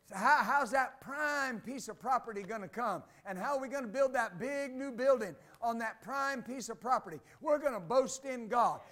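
Male pastor with a strikingly high voice, preaching exuberantly, bursts of laughter, loud and soft in turn. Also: normal speed, hardly any pauses. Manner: exuberant preaching, swinging between loud declarations and quiet asides; laughs between points. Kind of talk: sermon.

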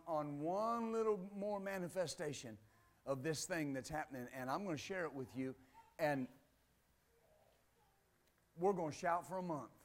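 A pastor preaching a sermon with exuberance, swinging between loud declarations and quiet asides and laughing between points. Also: male voice, a little high.

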